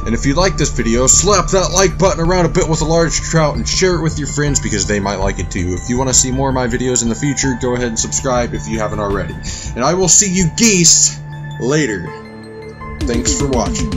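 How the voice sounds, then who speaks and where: A man doing let's-play commentary on a survival game, rambling and easily frustrated, talking to things in the game. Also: medium pitch. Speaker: gaming YouTuber.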